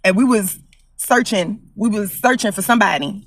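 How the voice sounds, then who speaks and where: A woman vlogger giving an emphatic opinion rant, repeating lines for effect and swinging between loud and low. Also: expressive, normal speed, no echo, recorded from a distance.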